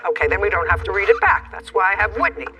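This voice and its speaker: A woman's voice: mid-range voice, sing-song. A woman presiding as a TV courtroom judge, questioning a litigant sharply and impatiently, often cutting him off. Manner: brisk, sharp, impatient, cuts people off. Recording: distant courtroom mic with music underneath.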